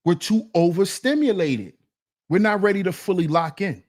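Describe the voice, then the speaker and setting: Animated laughing man talking to the fellas. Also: high voice, moderate pace. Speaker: online commentator reacting to clips. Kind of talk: casual reaction commentary.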